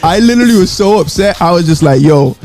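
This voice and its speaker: A man's voice: high-pitched, expressive, fast, over loud music. A man hosting a casual podcast chat, telling stories and laughing often. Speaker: podcast host.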